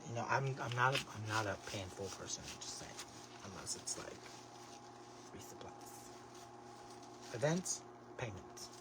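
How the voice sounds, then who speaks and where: A man hosting a casual craft livestream, chatting to viewers in a sassy, expressive way with lots of exclamations. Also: on the low side, moderate pace, pauses often, distant mic. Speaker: livestream host making a craft basket. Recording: steady background noise.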